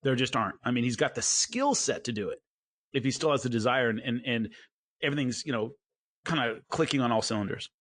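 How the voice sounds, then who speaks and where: A man co-hosting a casual sports podcast, telling stories with lively acted-out quotes. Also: medium pitch, fairly quick, no echo, clean studio sound. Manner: animated storyteller, acts out quotes. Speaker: podcast co-host and MMA commentator.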